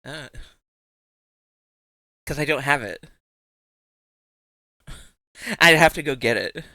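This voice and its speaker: A man's voice: a little high, animated, slow, vocal fry, pushed and bright, no echo. A young man streaming live, chatting casually with his viewers, teasing them, swearing freely and laughing often.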